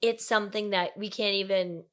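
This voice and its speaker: A woman's voice: mid-range voice, steady tone, moderate pace. Woman host, easy casual chatter, plenty of filler words. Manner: chatty, says "like" a lot. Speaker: podcast host. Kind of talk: casual podcast chat.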